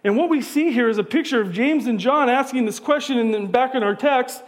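A pastor, preaching a conversational sermon full of rhetorical questions. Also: male voice, high-pitched.

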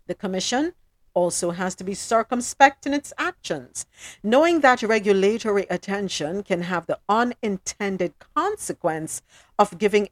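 A Jamaican woman talks through the news on a podcast, emphatic and animated, slipping into patois now and then. Her voice sits at an ordinary pitch. The recording is dry, with no room sound. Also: no echo. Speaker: podcast co-host. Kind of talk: casual news commentary.

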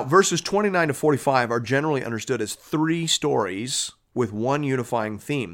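Man, preacher, conversational sermon, emphatic, rhetorical questions, mid-pitched voice. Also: fairly bright tone. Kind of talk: sermon with scripture reading.

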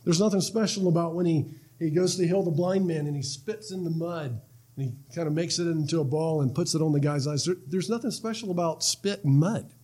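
A man's voice: a little high, a little fast, warm tone. A man preaching a sermon in a conversational way, often restarting words and checking in with "right?". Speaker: pastor.

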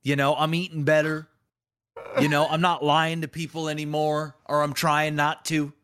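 Male podcast host: high, bright voice, animated comic storyteller. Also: normal speed, clean tone. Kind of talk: casual chat.

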